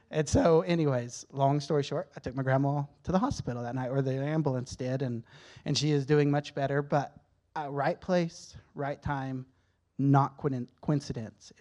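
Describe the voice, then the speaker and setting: A church speaker with a medium-pitched, a little mellow voice talks at a moderate pace with fairly even intonation. His sermon-style testimony is candid and conversational, sometimes emotional, with many self-corrections and restarted sentences.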